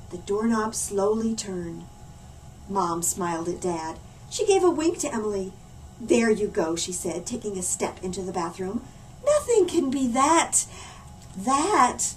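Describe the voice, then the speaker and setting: A woman as a library story lady, reading a silly picture book aloud to children in a playful, animated way. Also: medium pitch, a little slow, far from the mic, a little hiss or hum, low-quality recording. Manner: animated, playful, swooping between hushed and loud.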